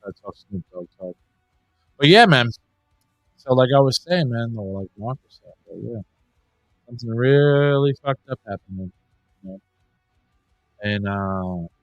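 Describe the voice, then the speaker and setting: A man's voice: mid-range voice, dry recording, highs cut off. Guy cohosting a podcast on a video call, laid back and cursing, dry sound, bit of music under it. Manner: loose, swearing, joking. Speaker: podcast co-host. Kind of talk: casual chat.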